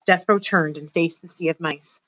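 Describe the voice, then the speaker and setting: A woman teacher talking to her students and reading a children's novel aloud in a lively, encouraging way. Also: low voice, brisk, dry recording, rough recording.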